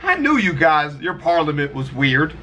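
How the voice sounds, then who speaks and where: Bright, lively joking man. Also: on the high side, normal speed, muffled recording. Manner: joking, teasing, talks over the video. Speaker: host reacting to a video. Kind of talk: casual chat.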